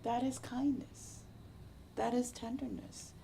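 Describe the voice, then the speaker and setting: A woman meditation teacher giving a slow, reflective dharma talk that often drops to a soft, whispery hush. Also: a little high, fairly even intonation, gravelly, slight background noise. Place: meditation center hall.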